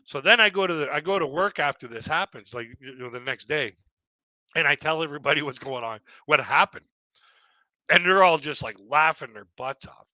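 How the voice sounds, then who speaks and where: A man's voice: a little high, animated, moderate pace, pauses often, bright, forceful tone, dry recording, low-quality recording. A middle-aged man telling a stand-up story on a live stream, rambling and repeating himself, acting out other people in raised voices. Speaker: stand-up comedian.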